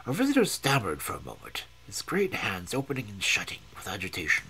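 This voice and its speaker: A man reading a story aloud, narrating dramatically with wide swings and a husky tone. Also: on the low side, huge pitch swings, a little fast, few pauses, sharp tone, a little hiss or hum. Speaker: reader. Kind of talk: audiobook reading, live stream.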